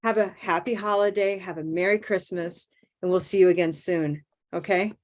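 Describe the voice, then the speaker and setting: A woman's voice: lowish voice, moderate pace. A woman teaching an online English pronunciation class, encouraging and checking in with "okay?" as she goes. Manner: warm, checks in with frequent "okay?".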